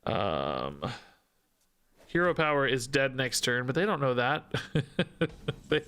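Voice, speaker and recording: A man's voice: medium pitch, sing-song, slow, pushed and bright, smooth. A man streaming a card game, thinking aloud, questioning himself and joking between plays. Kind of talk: live-stream gameplay commentary.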